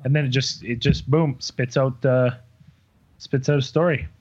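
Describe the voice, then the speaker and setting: A man's voice: medium pitch, fairly even intonation, normal speed, a little mellow, no room sound, highs cut off. A man in casual group chat, reading stories aloud with stumbles and jokes. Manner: rambling, stumbles over words, joking. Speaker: podcast co-host reading out stories.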